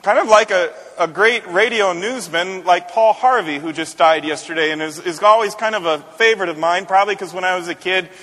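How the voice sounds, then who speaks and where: A man's voice: sits high, a little fast, hardly any pauses, pushed and bright, big-room sound. A man, a senior pastor, preaching a conversational sermon and often repeating words as he builds a point.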